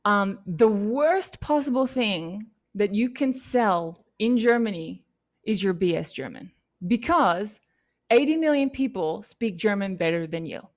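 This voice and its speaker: A woman's voice: mid-range voice, a little slow. Upbeat, chatty woman answering questions. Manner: animated, chatty, lots of "like" and "you know"; encouraging and upbeat. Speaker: youth leadership session speaker.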